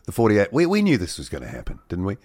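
A man's voice: on the low side, wildly swooping pitch, fast, darkish tone, no echo. A man hosting breakfast radio, reading news headlines with wry jokes and asides. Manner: reads headlines with joking asides and mock voices. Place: radio studio.

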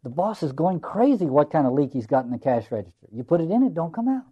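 A man's voice: sing-song, fast talker, slightly rough, highs cut off. A man doing a sly, winking waiter. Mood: conspiratorial. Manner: confiding, lowered voice. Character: sly male restaurant waiter, winking and conspiratorial.

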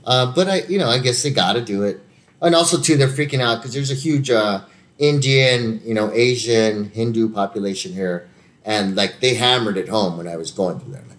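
An American actor, appearing as a guest, chats casually and tells stories in a medium-pitched, fairly bright voice at a normal speed. He laughs often, swears, and acts out other people's lines.

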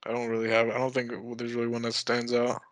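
A man's voice: medium pitch, monotone, quick pace, dry recording. A young man co-hosting a podcast, laid-back and blunt, swearing casually. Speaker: podcast co-host. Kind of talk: casual chat.

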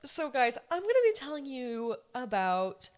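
A woman's voice: high-pitched, big pitch swings, normal speed, darkish tone. A young woman co-hosting a podcast, talking eagerly in a rambling casual way and laughing often. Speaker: podcast co-host. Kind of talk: casual chat.

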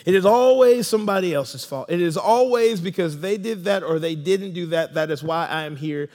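Male pastor, emphatic sermon, call and response with the congregation, high voice, long hall reverb. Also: normal speed, darkish tone. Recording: long reverb of a large room.

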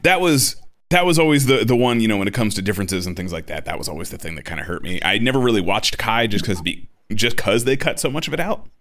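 Lively, cussing man chatting. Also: lowish voice, fast. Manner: animated, swears a lot. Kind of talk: casual podcast chat.

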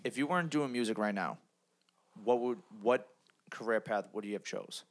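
A man's voice: on the low side, normal speed. A young man hosting a casual podcast, joking and swearing freely. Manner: rowdy, profane, joking. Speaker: host.

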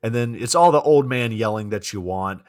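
A man's voice: medium pitch, lively intonation, normal speed. A man casually recapping a bad movie for a podcast, swearing freely and acting out the characters' lines. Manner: profane, storytelling with quoted voices. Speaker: podcast co-host recapping a film.

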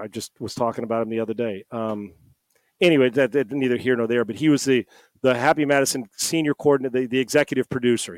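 A man's voice: medium pitch, no echo. A middle-aged man, a guest on a podcast, telling a long story from home over a headset. He acts out the quoted dialogue as he goes. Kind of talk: casual storytelling.

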